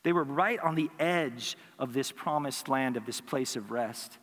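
A man's voice: medium pitch, measured pace, fairly bright tone. A man preaching a sermon as pastor, earnest and building emphasis through repeated phrases. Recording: hall reverb.

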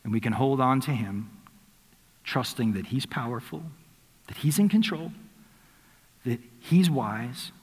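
A man preaching a sermon as a pastor, telling a personal story earnestly, dropping softly into reflective moments. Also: mid-range voice, measured pace, pauses often, breathy edge. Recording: long hall reverb.

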